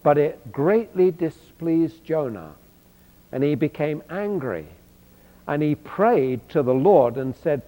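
A man preaching a sermon on a Bible passage, emphatic and animated, acting out quoted speech. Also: a little high, slow pace. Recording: long hall reverb.

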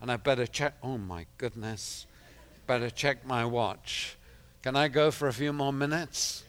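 A man preaching a sermon who swings from quiet, measured talk to loud, emphatic declarations, often repeating phrases for effect. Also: medium pitch.

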